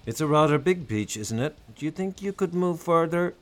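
A man's voice: a little high, expressive, normal speed, slight background noise, pitched above the performer's own voice, close to an everyday voice. A man voicing a prim, indignant middle-aged doctor with an English accent in a storybook reading. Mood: nervous polite.

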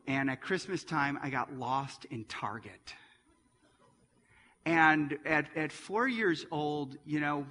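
A man in his forties preaching a sermon as pastor, earnest and rising to near-shouts at emotional moments. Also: on the high side, long reverb tail, a little hiss or hum. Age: 40s.

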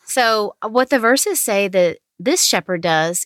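A woman in her thirties hosting a family prayer and meditation time, speaking slowly and encouragingly to her son. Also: mid-range voice, expressive, fairly bright tone, dry recording, studio quality. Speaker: host of family devotional. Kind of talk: gentle guided family devotional.

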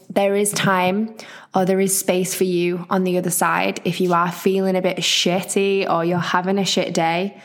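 A woman hosting a solo podcast, talking in a chatty, encouraging, rambling way. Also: mid-range voice. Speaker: podcast host.

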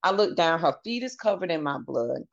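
A woman with a low, animated voice and some vocal fry talks at normal speed as a podcast guest. Earnest and frank, she relates her personal story and acts out others' remarks herself. The recording is dull and lo-fi.

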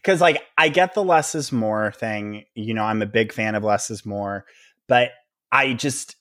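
A man's voice: mid-range voice, fairly bright tone. A man co-hosting a podcast, chatting casually about a film, laughing easily and often trailing off mid-thought. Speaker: podcast co-host. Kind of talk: casual chat recapping a film.

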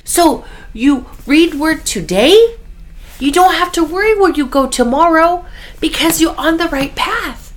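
A fervent older Korean mother, speaking with a Korean accent in a high, eager voice, as a woman puts her on. She presses each point with emphatic energy. Her pace is slow and deliberate. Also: expressive. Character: passionate older Korean mother quoting scripture.

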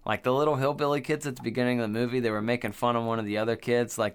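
A man's voice: mid-range voice, rapid-fire, few pauses, clear, resonant tone. A man co-hosting a casual horror movie podcast, laid-back and rambling, swearing often. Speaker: podcast co-host. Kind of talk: casual chat.

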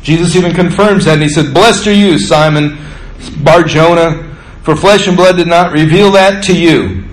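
A man preaching a sermon as pastor, acting out quotes with rising pitch and volume. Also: moderate pace. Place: church sanctuary. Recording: echoey church room, faint ambience.

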